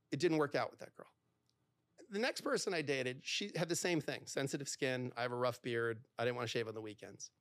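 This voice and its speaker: Animated man, lively swooping voice. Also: on the high side, dry recording, studio quality. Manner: animated storyteller who acts out quoted dialogue, heavy use of "like". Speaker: divorce lawyer, podcast guest. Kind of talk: candid podcast conversation.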